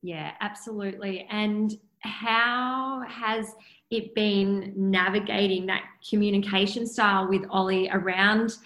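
A woman hosting a podcast interview, asking gentle questions and affirming softly. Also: medium pitch, steady tone, a little slow. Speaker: podcast host. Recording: roomy echo.

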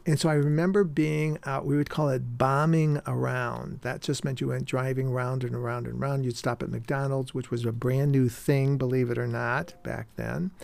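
An older man with a gravelly, creaky voice recalls his teenage years in a loose, rambling way, stumbling over restarts and chuckling now and then. The recording is dry and close, with no room sound. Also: mid-range voice, level tone, moderate pace, hardly any pauses, darkish tone, dry recording. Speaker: storyteller recalling his youth. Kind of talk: personal reminiscence.

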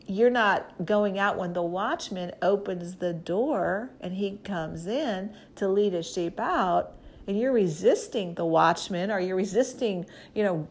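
This woman preacher teaches from the Bible in a relaxed, conversational style, her voice ordinary and mid-pitched. Addressing listeners directly, she drives her points home emphatically, leaning hard on the lines she repeats.

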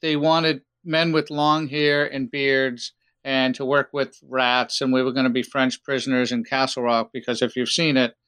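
Smooth-voiced man telling joking stories. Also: medium pitch, flat delivery, moderate pace, fairly bright tone. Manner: joking, rambling storyteller. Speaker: actor. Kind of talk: casual chat.

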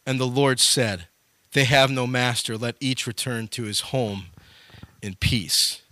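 A man's voice: medium pitch, steady tone, a little slow, pushed and bright, no room sound, pitched below the performer's own voice. A man voicing a bold ancient prophet who speaks with conviction. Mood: solemn. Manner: mocking then solemn.

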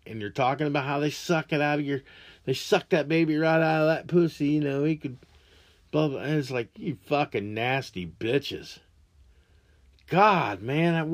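Profane ranting man. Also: fairly high pitch. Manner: crude, angry, ranting with heavy swearing. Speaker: podcast host. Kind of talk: profane rant monologue.

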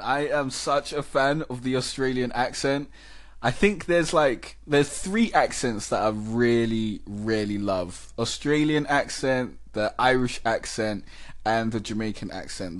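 A man hosting a casual podcast, talking in an animated, chatty way and laughing often. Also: mid-range voice. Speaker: podcast host.

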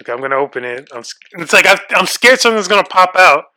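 A man's voice: high-pitched, sing-song, fast, sharp tone. A young man co-hosting a casual podcast chat, nervous and shaky, swearing freely as he frets aloud. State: shaky and freaked out. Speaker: podcast co-host.

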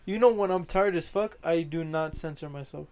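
A laid-back young man with a slightly higher voice, chatting with friends. He swears freely and laughs easily, relaxed and unguarded. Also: moderate pace, clear, resonant tone. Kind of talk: casual chat.

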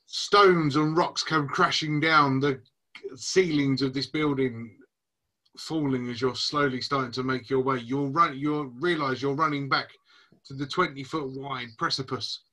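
A man narrates as game master for his players, his voice bright and forward. He talks in a casual, unpolished way, with fillers and restarts. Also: mid-range voice, fairly even intonation, measured pace.

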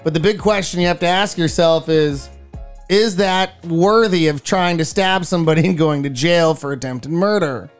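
A man's voice: on the high side, normal speed, clear, resonant tone, faint music behind. Male morning radio co-host, playful, telling stories in jokey banter. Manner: jokey, bursts into silly put-on voices.

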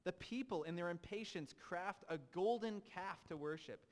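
A man's voice: high voice, moderate pace, long reverb tail. A young adult man preaching a sermon, reading scripture aloud and breaking in with casual asides. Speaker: pastor.

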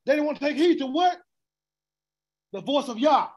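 High-voiced man preaching a call-and-response sermon. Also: lively intonation, normal speed. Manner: call-and-response questioning, stammering repeats. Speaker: preacher teaching scripture. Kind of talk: interactive sermon.

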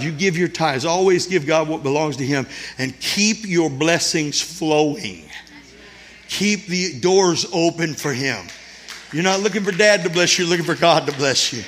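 Male pastor, middle-aged, high bright voice, exhorting sermon with folksy asides. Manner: exhorting, calls for shouts and amens; folksy storytelling with his congregation.

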